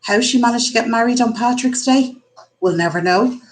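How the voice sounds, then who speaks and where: A woman's voice: fairly high pitch, brisk, a little hiss or hum, low-quality recording. An Irish woman in her forties hosting a casual live stream from her kitchen, candid and chatty as she thinks aloud. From Ireland. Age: 40s. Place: home kitchen. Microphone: computer mic.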